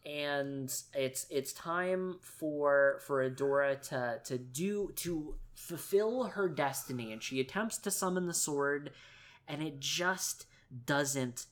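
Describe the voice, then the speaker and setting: A man co-hosting a podcast, recapping a cartoon in animated, emphatic casual chat with frequent restarts. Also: on the high side, slow pace. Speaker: podcast co-host.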